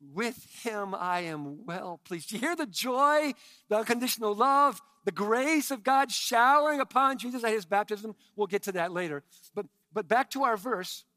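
A high-voiced man delivers a sermon, swinging from quiet, hushed phrases up to emphatic shouts. He throws in chatty asides to the congregation, and his bright tone comes through a close, dry recording. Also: normal speed, dry recording. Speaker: pastor.

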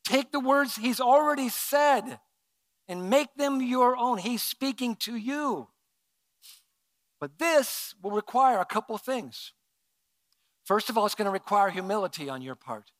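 High-voiced man preaching a sermon. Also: lively intonation, unhurried, no room sound. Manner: earnest, swings from soft to emphatic. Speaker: pastor.

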